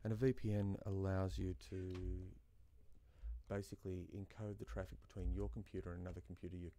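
Low gravelly man rambling over gameplay. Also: flat delivery, fairly quick, mellow. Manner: rambling, self-talking, with many fillers and asides. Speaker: gaming YouTuber. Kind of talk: casual commentary while playing a game. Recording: faint game music behind.

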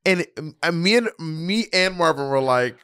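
Man, slight southern twang, podcast co-host, teasing, animated banter. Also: fairly high pitch, normal speed, clean tone. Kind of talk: casual chat.

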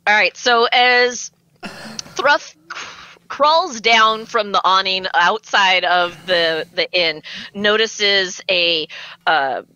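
Woman running a tabletop game, slow n hesitant, lots of ums, bright voice. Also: mid-range voice, clean tone, no echo. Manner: hesitant, full of fillers. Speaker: game master.

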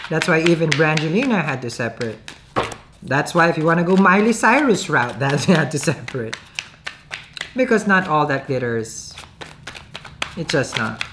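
Low-voiced chatty woman reading tarot. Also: background noise. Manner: chatty, keeps asking "okay?", laughs often. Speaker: tarot reader. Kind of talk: casual tarot reading to camera.

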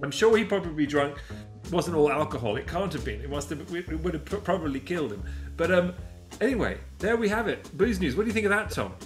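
A man's voice: a little high, animated, quick pace, soft background music. A man co-hosting a casual show, chatting and rambling with fillers. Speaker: podcast co-host. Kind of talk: casual chat.

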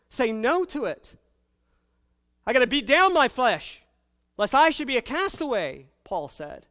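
A male pastor preaching with a fairly high and smooth voice. His delivery swings between loud, emphatic calls and hushed, lower-pitched asides. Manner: preaching with sudden loud emphatic swells and quiet low asides. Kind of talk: sermon.

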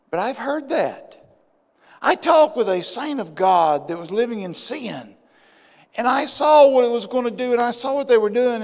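High-voiced pastor in echoing church. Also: male voice. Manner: impassioned, swinging between loud bursts and hushed asides. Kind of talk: sermon. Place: church sanctuary. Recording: long church hall reverb.

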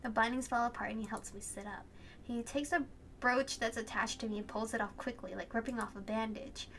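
A woman reading a visual novel aloud and reacting in an excitable, gushing way, swearing and laughing at the story. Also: on the high side, brisk, slight background noise. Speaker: let's play host.

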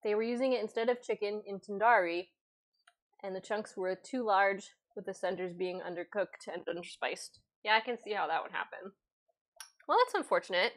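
A woman's voice: mid-range voice, moderate pace. A woman hosting a casual cooking livestream, chatting and reading viewer comments aloud while she cooks, recorded on a lavalier microphone in a home kitchen.

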